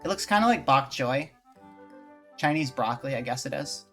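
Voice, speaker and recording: Chatty streamer, mid-pitched voice, reads game dialogue aloud over soft game music. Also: lively intonation, normal speed. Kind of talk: casual live-stream chat.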